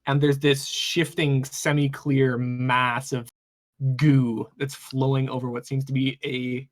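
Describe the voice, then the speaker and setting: A game master narrating a tabletop superhero game, with a halting, rambling delivery full of restarts. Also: mid-range voice, flat delivery.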